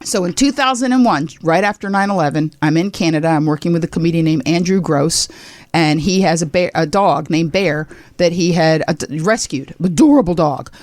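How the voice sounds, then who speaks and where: A woman's voice: on the low side, brisk, no echo. A woman in her sixties, a comedian telling a story as a podcast guest, acting out the people she quotes. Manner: animated, acts out quoted people.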